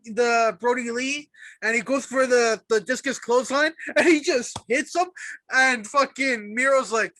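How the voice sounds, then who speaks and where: Young male co-host, bright forceful delivery, excitable fan chat full of swearing. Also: extremely high pitch, no room sound. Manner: excited, swears often, acts out quotes. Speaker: podcast co-host. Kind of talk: casual wrestling chat.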